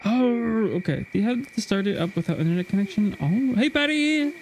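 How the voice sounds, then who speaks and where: A man's voice: high voice, fast, gravelly, dark tone, slight background noise. Chatty man reading a game guide. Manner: chatty, reads a game guide aloud with frequent restarts. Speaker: streamer. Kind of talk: casual gameplay stream chat.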